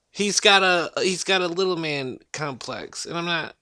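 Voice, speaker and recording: A man's voice: a little high, measured pace, bright, forceful tone, dry recording, clean studio sound. A man rambling through a profane rant at home, swearing constantly, trailing off and restarting his sentences. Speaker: vlogger ranting to camera.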